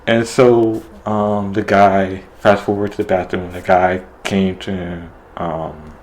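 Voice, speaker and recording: A man's voice: deep voice, flat delivery, slow, a little mellow, a little hiss or hum, poor audio. A man casually retelling a TV episode, rambling with lots of fillers. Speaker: show reviewer.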